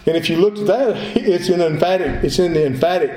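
A man's voice: high-pitched, a little fast, warm tone, soft background music. A male pastor preaching a sermon, emphatic, repeating his phrases as he builds his point. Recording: echoey room.

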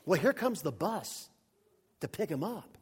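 A man preaching a storytelling sermon, animated and dramatic, swinging from hushed asides to shouts. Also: sits high, measured pace, husky. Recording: long reverb of a large hall.

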